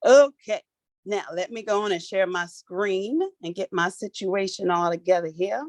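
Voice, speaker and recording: A middle-aged woman, hosting an online workshop in a playful, animated, colloquial way, talking into her phone on a video call. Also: medium pitch, normal speed, no echo. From Philadelphia, USA. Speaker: workshop host. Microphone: phone for audio on a video call.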